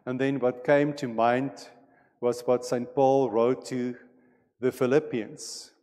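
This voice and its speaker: Male pastor, mid-pitched, unhurried sermon delivery, church hall with a long echo. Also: fairly even intonation, mellow. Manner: measured, deliberate preaching. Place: church sanctuary.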